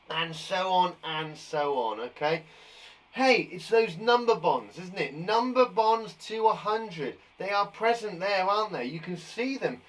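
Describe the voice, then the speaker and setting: A man's voice: high-pitched, a bit bright, far from the mic, slight background noise. A man teaching a live online lesson to young children, upbeat, chatty and encouraging. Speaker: primary school teacher.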